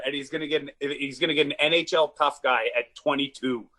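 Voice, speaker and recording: A man's voice: fairly high pitch, a little fast, hardly any pauses. Laughing, swearing man telling fight stories. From Canada. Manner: animated, swearing, laughing storyteller. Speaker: comedian guest. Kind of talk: casual storytelling.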